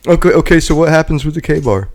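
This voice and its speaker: A man hosting a veterans podcast, relaxed, laughing along and retelling stories from his platoon. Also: a little high, fast talker. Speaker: podcast host. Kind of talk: casual podcast chat.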